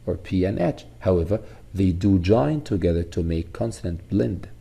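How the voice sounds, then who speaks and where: Male teacher, low and dark, gravelly, patient phonics walkthrough with repeated sounds. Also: lively intonation. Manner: explains slowly, repeats sounds and words. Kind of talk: recorded English phonics lesson.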